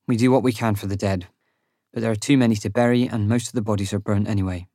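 Male narrator, low voice, dry studio sound, measured sombre first-person fantasy reading. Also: steady tone, mellow, no room sound. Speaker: audiobook narrator.

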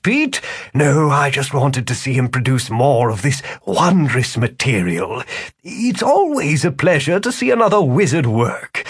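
A man's voice: on the high side, slightly rough, full character voice. A man voicing a courtly, theatrical con-man wizard in an audiobook, silkily persuasive. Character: smooth-talking male con-man wizard.

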